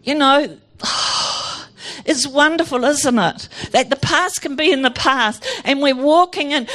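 Fervent woman giving a slow testimony. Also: high-pitched. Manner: fervent, animated storytelling with acted-out quotes. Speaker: Christian speaker.

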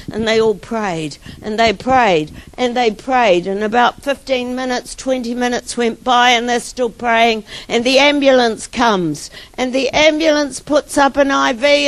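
A woman preacher telling miracle stories in a sermon, with emphatic exclamations. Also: a little high.

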